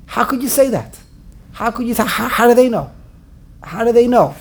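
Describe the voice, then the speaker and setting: A woman teaches a Torah class, thinking aloud with emphatic rhetorical questions and restarting often. Her voice sits on the high side, a little mellow with a breathy edge, and she speaks in an animated, slightly fast manner.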